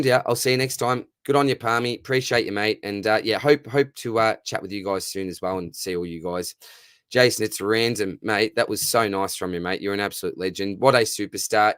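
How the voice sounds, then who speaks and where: A man's voice: on the low side, a little fast, a bit bright, clear, resonant tone, no room sound, clean studio sound. A young Australian man hosting a casual live fantasy football Q&A, matey and upbeat as he answers viewers. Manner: matey, upbeat, reads viewer questions aloud. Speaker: fantasy football livestream host.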